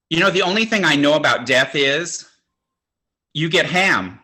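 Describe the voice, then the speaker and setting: A man's voice: fairly high pitch, measured pace, sharp tone, poor audio. A man in his sixties doing stand-up comedy, telling campy, self-mocking stories. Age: 60s.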